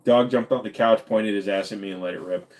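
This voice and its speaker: Tired dizzy guy on a late livestream, kinda low voice, cracking crude jokes, rambling. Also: fairly even intonation, a little fast, a little mellow. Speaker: livestream host. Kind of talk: casual live-stream chat answering viewers.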